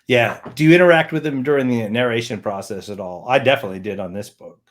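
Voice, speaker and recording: A man's voice: medium pitch, fast. A man, an author, chatting casually on a livestream and often repeating words as he thinks.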